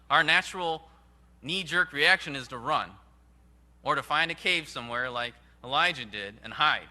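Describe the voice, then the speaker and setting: A man preaching a sermon in an earnest, emphatic way, with sudden rises and hushed drops. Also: fairly high pitch. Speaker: pastor.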